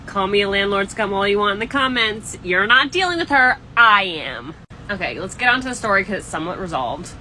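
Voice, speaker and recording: Animated, bright-voiced woman vlogging. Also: medium pitch, fairly quick, slight background noise, poor audio. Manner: animated, exasperated, gossipy. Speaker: landlord vlogger. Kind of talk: casual storytime vlog.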